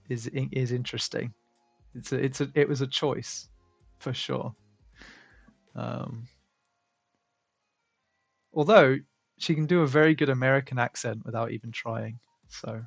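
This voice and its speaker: A man's voice: medium pitch, creaky, no room sound. A man hosting a casual livestream, reading viewer comments aloud and laughing often. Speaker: stream host.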